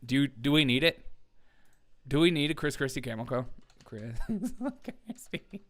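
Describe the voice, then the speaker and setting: A man's voice: medium pitch, expressive, moderate pace. A man hosting a comedy news show, sarcastic and laughing often as he riffs. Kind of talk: casual comedic commentary.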